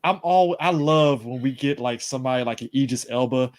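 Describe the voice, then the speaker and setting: A man's voice: mid-range voice, fairly quick. A man co-hosting a podcast in casual chat, trading jokes and playful banter. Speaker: podcast co-host.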